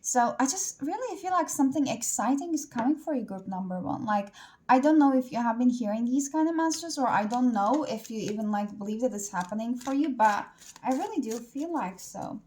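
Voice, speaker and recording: High-voiced woman reading tarot cards. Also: expressive, a little fast, a little mellow. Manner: chatty, loose, many fillers like "like" and "uh". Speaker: tarot card reader. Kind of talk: casual pick-a-card reading to camera.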